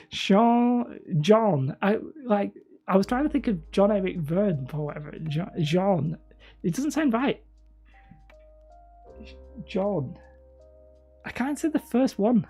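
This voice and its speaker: A woman's voice: medium pitch, animated, unhurried, warm tone, slightly rough, faint music behind. A woman with a northern English accent hosting a live stream, chatting casually with viewers in a rambling, self-deprecating way. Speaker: livestream host.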